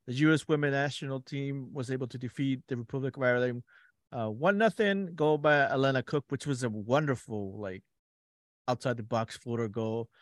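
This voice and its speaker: A man's voice: medium pitch, brisk, dry recording. A man co-hosting a sports podcast in casual chat, telling stories with many fillers and restarts. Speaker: podcast co-host.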